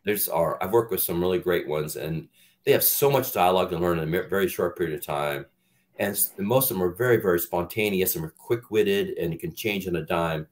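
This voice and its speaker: A man's voice: low-pitched, fairly quick. A middle-aged man, an actor guest in an interview, telling candid stories in a rambling, casual way with lots of restarts.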